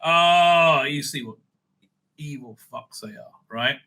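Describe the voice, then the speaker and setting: Excitable rambling man, very bright voice. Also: a little high, slow pace. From Israel. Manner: rambling, restarts, excitable bursts. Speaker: host. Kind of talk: casual monologue.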